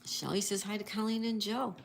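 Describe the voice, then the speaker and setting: A woman's voice: mid-range voice, fairly even intonation, a little fast, creaky, slight background noise. A woman hosting a casual livestream, greeting viewers, reading chat aloud and spelling out crossword answers. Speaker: livestream host.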